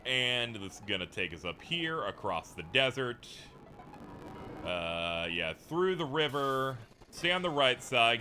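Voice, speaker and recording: A man giving animated, profane video game commentary as a let's play host, with frequent laughing asides. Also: fairly low pitch, a little hiss or hum.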